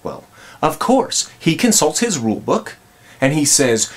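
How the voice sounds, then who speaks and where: A man's voice: a little high, very animated, a little slow. A man, a relationship coach, telling a client story in an easy, conversational talk and acting out what they said. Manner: conversational, acts out quotes.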